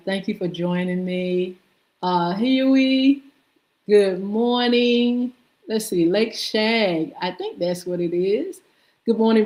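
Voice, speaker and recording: A woman hosting a live morning stream, slowly reading out and greeting viewers by name, sounding out names as she goes. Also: mid-range voice, low-quality recording. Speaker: host. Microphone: streaming setup.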